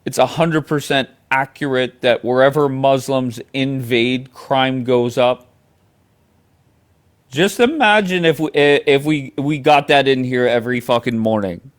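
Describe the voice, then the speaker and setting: A man hosting a heated livestream debate, talking brusquely to his callers. His voice sounds smooth and resonant, set at a middle pitch. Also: unhurried. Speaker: livestream host. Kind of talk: moderating a heated live debate.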